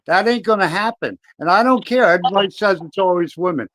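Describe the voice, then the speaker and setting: A man's voice: sits high, lively intonation, fast, noisy background. A man speaking as a guest on a livestream, defiant, confrontational and swearing freely. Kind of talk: casual livestream chat.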